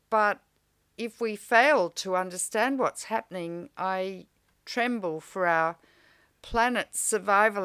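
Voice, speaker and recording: Smooth-voiced woman radio host. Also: medium pitch, a bit bright, dry recording. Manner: frequent short backchannel replies, closing remarks. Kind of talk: radio interview hosting.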